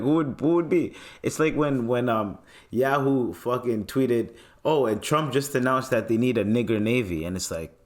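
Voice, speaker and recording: Animated, profane podcast host, a man. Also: mid-range voice. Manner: animated, profane, often laughing. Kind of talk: casual comedic rant.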